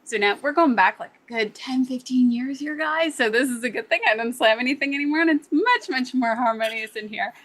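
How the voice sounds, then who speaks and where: A woman's voice: high-pitched, a little fast, hardly any pauses, a bit bright, rough recording. A woman in a casual group discussion, speaking earnestly about a personal change.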